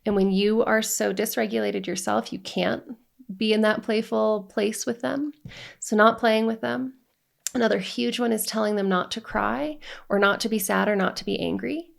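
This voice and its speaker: Gravelly-voiced woman coaching on camera. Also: mid-range voice, fairly even intonation, moderate pace. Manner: earnest, repeats "right?" and lists emotions in long runs. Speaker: divorce coach. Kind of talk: direct-to-camera coaching talk.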